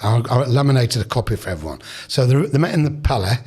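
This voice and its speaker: This podcast guest is a man from England in his sixties whose medium-pitched voice is darkish, slightly rough, very animated and fast. Chatty and casual, he rambles through family stories with restarts and asides.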